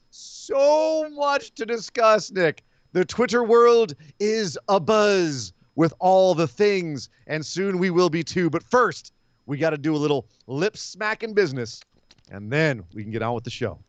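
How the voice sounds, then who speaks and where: Excitable man on a lo-fi podcast mic. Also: sits high, no echo. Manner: excitable, jokey, exclamatory. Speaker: podcast co-host. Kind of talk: casual live podcast chat.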